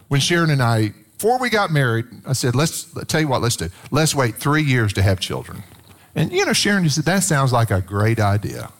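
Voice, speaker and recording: A man's voice: on the high side, very animated, fairly quick, a bit bright. A middle-aged man, a pastor preaching a sermon, telling stories with playful acted quotes and emphatic swells.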